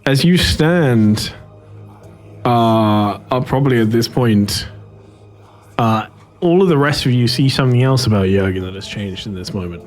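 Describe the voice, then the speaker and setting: A man narrating a tabletop game as game master, his voice sitting at an ordinary middle pitch. He describes scenes haltingly, often pausing on fillers and restarting his sentences. Soft music plays faintly behind him. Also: lively intonation. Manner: hesitant, many fillers and restarts.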